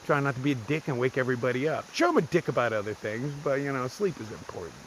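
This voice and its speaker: Talking fast and animated in a mid-range voice, a man vlogs his solo thru-hike on a forested mountain trail, with slight background noise. A little breathless from climbing, he spins blunt, foul-mouthed, self-deprecating stories to the camera.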